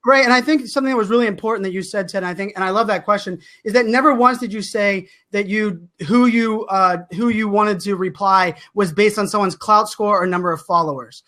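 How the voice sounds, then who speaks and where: High-pitched man, fast delivery, earnest co-host on a video call. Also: sharp tone. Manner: earnest, summarizing. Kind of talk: casual chat.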